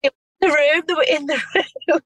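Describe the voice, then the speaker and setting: A woman's voice: high voice, fairly even intonation, brisk, a bit bright, no echo, poor audio. Gushing woman, dry mic. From North East England. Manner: effusive, gushing, lots of restarts. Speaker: reality TV star guest. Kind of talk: casual chat.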